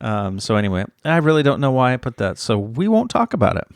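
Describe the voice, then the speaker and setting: A man's voice: mid-range voice, big pitch swings, fast, no echo, clean studio sound. A man co-hosting a casual chat podcast, playful and teasing as he runs the segments. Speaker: podcast co-host.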